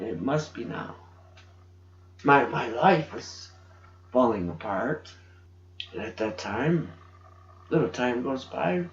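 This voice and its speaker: A middle-aged man giving an emotional personal testimony, halting and restarting as he speaks. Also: on the high side. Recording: dull roomy home recording.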